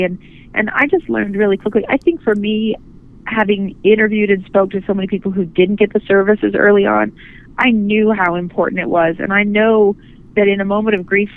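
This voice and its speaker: Woman photographer, gravelly voice, earnest and gentle, tinny phone line. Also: medium pitch. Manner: earnest, gentle, many restarts. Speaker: guest, bereavement photographer. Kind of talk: phone interview.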